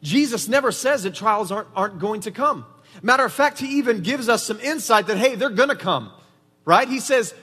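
Man, pastor, sermon, high voice, animated preaching, reverberant church hall. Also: normal speed. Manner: animated preaching, frequent "right?" tags.

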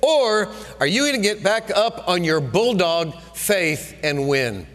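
A man voicing God as a stern male drill sergeant who barks rapid-fire challenges like a coach at halftime. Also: high-pitched, lively intonation, fairly bright tone, exaggerated voice. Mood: demanding. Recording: long hall reverb.

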